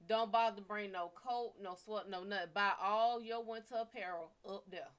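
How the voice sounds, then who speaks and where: A woman's voice: mid-range voice, normal speed, a bit bright. A woman from the American South, chatting casually and profanely with viewers on a live stream. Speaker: live stream psychic reader.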